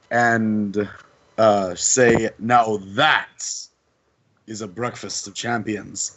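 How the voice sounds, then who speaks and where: Slow, hesitant man playing a tabletop game. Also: on the low side. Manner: hesitant, many fillers. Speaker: player. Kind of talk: describing a character's actions in a tabletop game. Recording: dull lo-fi recording with faint noise.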